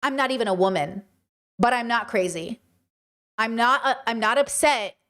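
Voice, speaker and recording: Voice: mid-range voice, moderate pace, bright, forceful tone. A livestream host delivering an impassioned, profane lecture to viewers and answering chat comments along the way.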